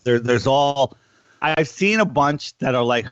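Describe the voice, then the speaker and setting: A man hosting a call-in radio show, rambling casually with lots of restarts and drawn-out words. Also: medium pitch, expressive, dry recording. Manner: rambling, restarts often, stretches words out slowly. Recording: dull lo-fi sound.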